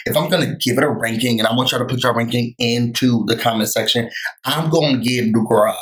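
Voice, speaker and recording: A man hosting his own vlog, telling a reality-show recap in a sassy, animated way and acting out what the cast said. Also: medium pitch, rough recording. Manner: sassy, animated storytelling, acting out quoted lines. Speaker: recap vlogger.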